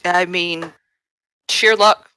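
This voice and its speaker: A woman's voice: on the low side, fairly even intonation, extremely slow, sharp tone, clean tone. A woman speaking in character as a tabletop role-play player, blunt and swearing freely.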